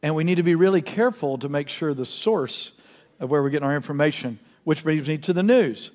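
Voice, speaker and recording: Middle-aged male pastor, earnest storyteller, slightly higher voice, long hall reverb, soft-to-loud swings. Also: a little fast. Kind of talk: sermon.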